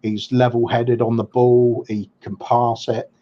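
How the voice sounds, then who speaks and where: A man talks football as a podcast co-host in an easy, unhurried way, often pausing on ums and starting over. His voice sits in an ordinary middle register. The audio is a little dull and lo-fi. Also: mid-range voice, little pitch movement. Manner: hesitant, lots of ums and restarts. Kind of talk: casual football chat.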